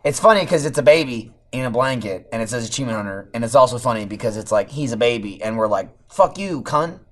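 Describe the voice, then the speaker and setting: Casting: mid-pitched man, animated, teasing and crude in casual chat. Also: fast, crowd noise. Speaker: podcast co-host.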